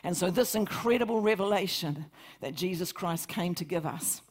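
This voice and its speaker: A woman's voice: fairly low pitch, normal speed. A woman pastor preaching a fervent Sunday sermon, rising to emphatic peaks. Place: church service.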